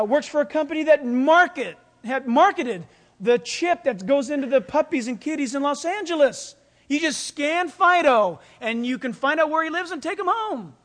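A man preaching a sermon, telling personal stories in an animated, storytelling way and chuckling mid-sentence. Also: very high voice. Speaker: pastor.

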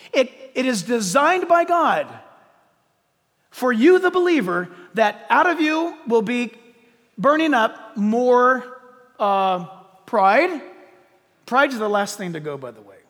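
A man's voice: extremely high pitch, very animated, unhurried, a bit bright, in a large hall. A man preaching a sermon, emphatic and repeating key words for stress. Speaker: pastor.

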